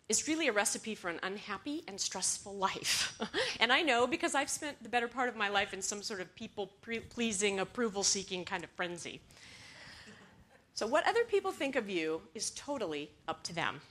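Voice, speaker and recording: A woman giving a talk to an audience, telling stories in an animated way, laughing now and then and acting out the lines she quotes. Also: medium pitch, brisk.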